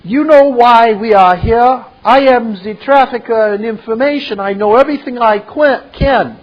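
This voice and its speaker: A man's voice: very high-pitched, moderate pace, voice pushed up. A man voicing a smug, self-assured, French-styled male program, with grandiose theatrical delivery. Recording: dull lo-fi recording.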